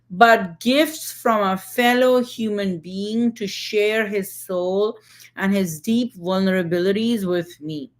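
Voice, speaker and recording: A young adult woman reading passages from a book and explaining them, often checking in with tag questions. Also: medium pitch. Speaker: book discussion host.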